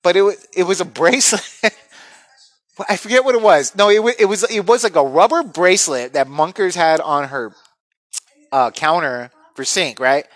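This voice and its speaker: A man's voice: high-pitched, normal speed, no echo. Guy doing a raunchy comedy bit, voice swings all over the place, dry close sound. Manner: animated, crude, acts out voices with big jumps. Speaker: comedian telling a story. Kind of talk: profane comic storytelling.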